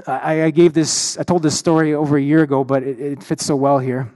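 A male pastor with a notably high, dark-toned voice delivers a sermon, telling his story with many restarts and repeated words. He speaks a little fast with little pitch movement, and a long hall reverb surrounds the sound.

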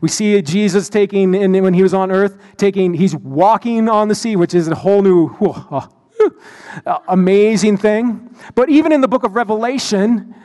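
A man's voice: sits high, moderate pace, a little mellow. A man preaching a sermon as pastor, telling a story with frequent restarts and repeated words. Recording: long hall reverb.

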